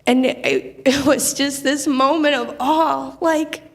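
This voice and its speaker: A woman, a youth ministry leader, telling a testimony story to a congregation in an animated way. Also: sits high, slow pace. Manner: animated storyteller acting out quoted voices.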